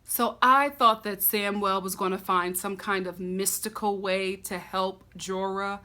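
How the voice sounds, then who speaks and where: Sassy woman vlogger recapping a show, bright voice, big dramatic reactions. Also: a little high. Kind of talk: casual TV recap.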